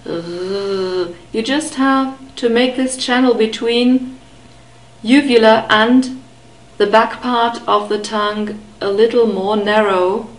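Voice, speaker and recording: A woman teaching German pronunciation to beginners, patiently repeating each word slowly and clearly. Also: fairly high pitch, little pitch movement, reverberant, rough recording. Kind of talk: slow, careful pronunciation lesson.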